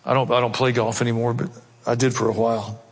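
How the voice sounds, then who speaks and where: Guy preaching in a big church, mid pitch, punchy repeats, echoey hall. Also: little pitch movement, fast, husky. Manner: emphatic and conversational, with repeated phrases. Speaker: pastor. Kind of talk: sermon. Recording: long hall reverb.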